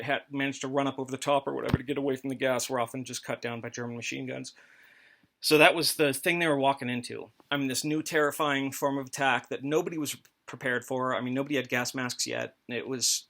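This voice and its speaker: Gravelly bright-voiced comedic history host. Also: male voice, mid-range voice. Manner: rambling, mock-authoritative, crude jokes.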